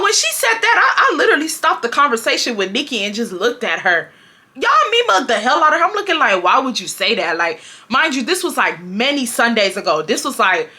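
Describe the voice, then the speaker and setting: A woman in her twenties from Houston, telling a storytime to her viewers in casual slang, acting out what others said. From Houston, Texas. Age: 20s. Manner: animated, slangy, acts out quotes with big pitch jumps. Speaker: storytime vlogger.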